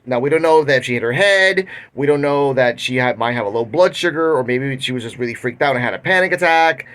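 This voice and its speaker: A man's voice: mid-range voice, a bit bright. A young man hosting an online commentary show, casually retelling a news story with frequent restarts. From Puerto Rico. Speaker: commentary channel host.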